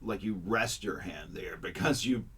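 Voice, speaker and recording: A man who is a guest on a radio show, chatting casually and calmly reassuring the host. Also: low-pitched, a little slow, slightly rough. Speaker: studio guest. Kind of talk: casual chat. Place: radio studio.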